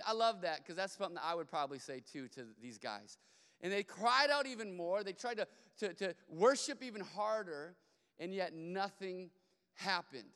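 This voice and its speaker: A man's voice: high voice, animated, normal speed, fairly bright tone, clean tone. A man preaching a sermon as pastor, telling a Bible story in a casual way with playful asides, recorded in a church sanctuary. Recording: long church hall reverb.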